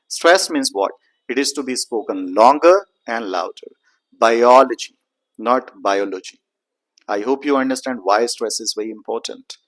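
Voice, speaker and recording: Guy teaching pronunciation, slows down on example words, mid pitch. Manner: explanatory, slows down to model words. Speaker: accent trainer. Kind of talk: pronunciation lesson.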